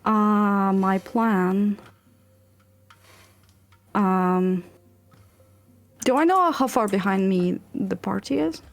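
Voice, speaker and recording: A woman's voice: mid-range voice, drawn-out words, pauses often, faint music behind. A woman playing a tabletop game, casually describing her character's actions. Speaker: player.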